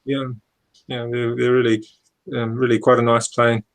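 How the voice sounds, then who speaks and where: A man's voice: medium pitch, completely flat delivery, moderate pace, rough recording. Chatty man. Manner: enthusiastic, asks questions, muses aloud. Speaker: guest on a hobby hangout. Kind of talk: casual chat on a video call.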